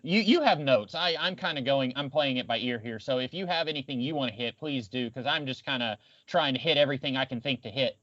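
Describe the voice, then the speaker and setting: A man's voice: mid-range voice, fairly quick, few pauses, a bit bright, dry recording. A man co-hosting a podcast, chatting casually about a film and rambling with restarts as he plays it by ear. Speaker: podcast co-host. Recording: dull lo-fi dry sound.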